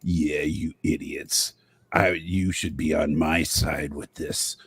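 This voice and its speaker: A man doing a slow, drawling bounty hunter. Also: very deep voice, fairly even intonation, breathy edge, no echo, pitched below the performer's own voice, heavily acted. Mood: scornful. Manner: mocking impression. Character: sneering male alien bounty hunter, slow and scheming.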